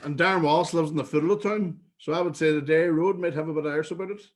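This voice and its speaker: A young Northern Irish man talks in relaxed podcast banter. He teases his co-host and tosses in quick questions between laughs. His voice sits a little high for a man. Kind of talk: casual chat.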